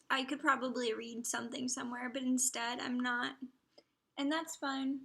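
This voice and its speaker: A young woman hosts a casual livestream in a high, bright voice edged with vocal fry. She chats freely and keeps slipping into soft, half-whispered asides. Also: fairly even intonation, moderate pace. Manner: chatty, often drops into half-whispered asides. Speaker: livestream host. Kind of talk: casual live commentary.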